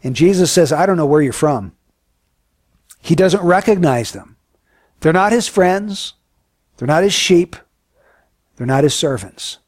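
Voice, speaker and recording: A man preaching a sermon in an earnest, emphatic way, often dropping to a hushed, solemn tone. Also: sits high, animated, measured pace, pauses often, dry recording, studio quality.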